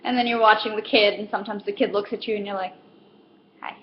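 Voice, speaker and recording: The voice is a young woman's, mid-range with fairly even intonation, and she talks very fast. As a comedic vlogger she rambles through a casual stand-up style monologue, heavy on fillers, playing out customers. It sounds roomy and dull, lo-fi with a faint hiss.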